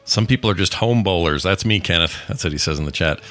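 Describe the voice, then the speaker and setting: A man's voice: low-pitched, quick pace, a bit bright, soft background music. A middle-aged man hosting a casual live-streamed podcast chat, rambling and full of puns. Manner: jokey, rambling, punning. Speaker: podcast host.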